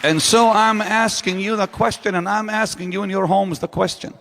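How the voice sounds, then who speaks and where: A man's voice: sits high, steady tone, normal speed, gravelly, fairly bright tone, a faint crowd, a little hiss or hum. A man preaching a sermon to a live audience in a large church auditorium, driving his point home with repeated rhetorical questions. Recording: long reverb of a large hall.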